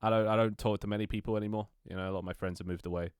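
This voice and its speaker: This is a young man with a very low voice, rambling to his stream audience. He swears casually and trips over his words as he goes. The sound is dry and close. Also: fairly even intonation, racing, clear, resonant tone, dry recording. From London, England. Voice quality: swears casually, many restarts and laughs. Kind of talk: casual chat with stream viewers.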